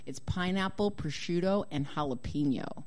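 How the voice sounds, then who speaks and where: A woman's voice: lowish voice, moderate pace, darkish tone. A woman co-hosting a casual chat, full of effusive, exclamatory reactions. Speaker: co-host.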